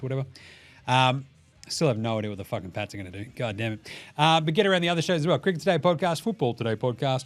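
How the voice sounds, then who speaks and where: A man with an Australian accent hosting a solo sports podcast, talking in a swearing, animated, jokey way. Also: medium pitch. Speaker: podcast host.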